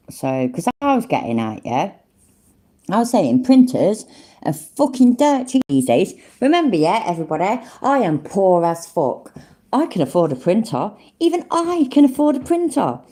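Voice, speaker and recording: Low-voiced sarcastic sweary woman. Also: big pitch swings, normal speed, mellow. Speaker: stream commentator. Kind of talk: mocking reaction commentary.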